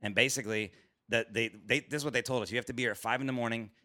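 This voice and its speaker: Comedian guest, male, rapid and bright, animated yarn-spinner who acts out voices. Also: medium pitch. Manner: animated storyteller, acts out quoted voices, swears freely. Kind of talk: casual podcast storytelling. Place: podcast studio.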